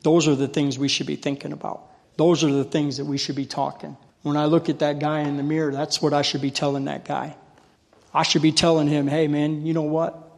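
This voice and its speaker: A man preaching a sermon in a folksy storytelling way, calling on the congregation to answer and growing loud when fired up. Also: on the high side, flat delivery, fairly quick, gravelly. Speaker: lay preacher. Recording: long hall reverb.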